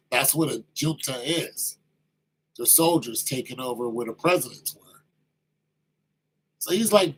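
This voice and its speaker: A man with a husky, slightly raised voice tells his story with lively energy. His tone is bright and sharp. He acts out the back-and-forth exchanges himself. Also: a little high, poor audio. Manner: animated storytelling, acting out quoted exchanges. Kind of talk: casual talk.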